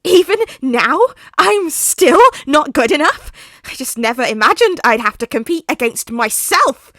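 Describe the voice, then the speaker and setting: A woman's voice: high-pitched, animated, unhurried, fairly bright tone, no echo, studio quality, pitched above the performer's own voice, exaggerated voice. A woman voicing an unhinged, teasing villainous teenage boy in a fan audiobook reading. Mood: menacing. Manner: sing-song, teasing, unsettling.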